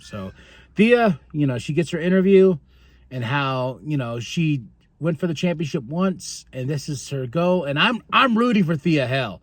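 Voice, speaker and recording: A man hosting a podcast, recapping wrestling in a casual, excitable way, often laughing and acting out what people said. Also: on the high side, moderate pace, dry recording. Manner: excitable, chatty, laughs often, acts out quotes. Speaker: podcast host.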